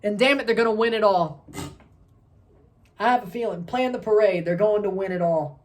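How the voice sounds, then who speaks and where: A woman in her thirties hosting a casual sports review vlog, excitable and rambling, correcting herself as she goes. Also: mid-range voice, normal speed. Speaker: sports channel host.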